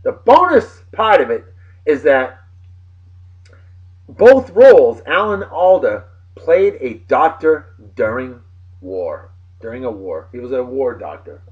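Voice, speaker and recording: A man from New of the region, hosting a casual video blog with boisterous, jokey shout-outs. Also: a little high, big pitch swings, takes it slowly, narrow, tinny audio. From New England.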